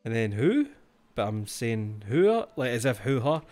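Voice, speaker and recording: A man's voice: mid-range voice, big pitch swings, moderate pace, darkish tone, faint music behind. Give me a Scottish man in his twenties live-streaming a game, swearing and joking as he reads clues aloud. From Scotland. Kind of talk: livestream gameplay commentary.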